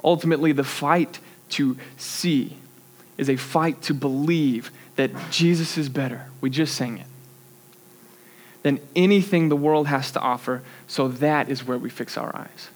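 A young man gives a sermon. His voice sits a little high, and he tells a personal story with animated energy, laughing at himself along the way. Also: measured pace. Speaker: youth pastor.

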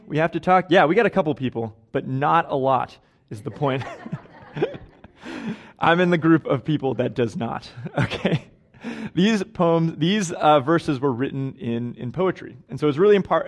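A young man preaching a casual, conversational sermon in a church, chatty and self-deprecating, often laughing at his own stories. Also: mid-range voice. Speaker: guest preacher. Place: church sanctuary.

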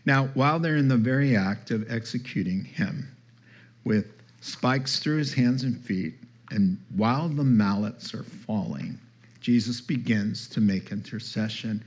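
A man's voice: medium pitch, unhurried. A male pastor delivers a sermon with emphatic energy. He quotes scripture and turns aside to talk casually with his congregation.

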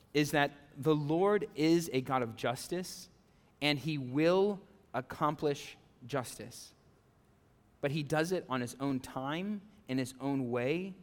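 A male pastor preaching a conversational sermon, animated, with frequent "okay?" and "right?" asides to the congregation. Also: mid-range voice, in a large hall. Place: church sanctuary.

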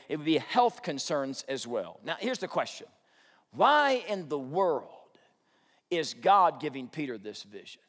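A male pastor with a slightly high voice preaches with animated energy, asking the congregation questions as he goes. His voice rings out with a long reverb, as if in a large hall. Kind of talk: sermon.

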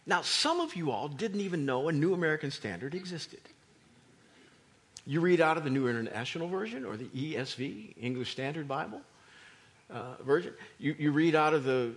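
Animated, high-pitched male preacher. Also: normal speed, slightly rough. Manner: animated preaching, rising to near shouts for emphasis. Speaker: pastor. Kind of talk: sermon.

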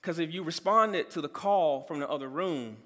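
High-voiced male preacher in a reverberant hall. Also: normal speed. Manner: emphatic preaching, calls out lines loudly. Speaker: pastor. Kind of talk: sermon.

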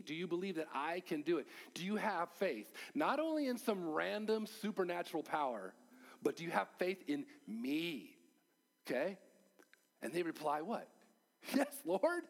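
An older man preaching a sermon, animated, acting out the people he quotes and dropping to a near whisper for emphasis. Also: a little high. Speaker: pastor.

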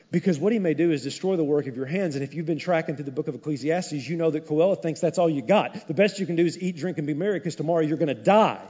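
A male pastor preaching a sermon in an animated, conversational way, with frequent asides to the congregation. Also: a little high, fast, few pauses, breathy edge. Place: church sanctuary. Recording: dull, echoey hall recording.

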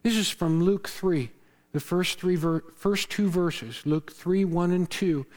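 A man preaching a sermon as pastor, earnest, rising to loud emphasis and dropping to hushed tones. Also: high voice, slow pace, in a large hall. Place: church sanctuary.

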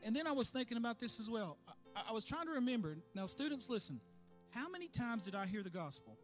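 A man in his fifties with a high voice tells his story in an easy, conversational way, looking back on his youth. Faint instrumental music plays softly behind him. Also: very animated, fast. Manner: conversational, reminiscing. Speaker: church member leading prayer. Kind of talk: personal testimony. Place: church sanctuary.

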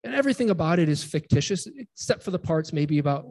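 A man in his forties, a pastor giving a relaxed, chatty sermon and joking with his congregation. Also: on the high side, quick pace. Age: 40s. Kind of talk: informal sermon with congregation banter.

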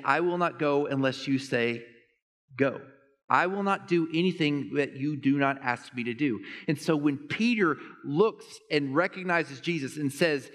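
Animated pastor preaching in a big hall. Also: male voice. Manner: animated, rising to high excited emphasis. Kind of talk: sermon.

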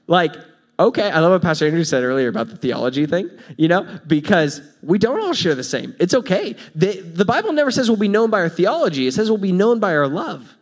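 A man's voice: high-pitched, very animated, brisk. A man preaching a sermon in a loose, conversational way, joking and laughing at his own examples. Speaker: pastor.

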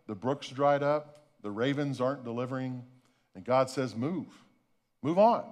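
Male pastor, sermon delivery, a touch higher-pitched than most men, dramatic swings from soft to loud, repeats his words.

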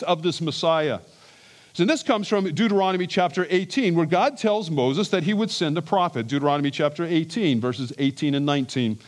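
A man preaching an expository sermon as a pastor, emphatic and animated, with chuckles and restarts. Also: high-pitched.

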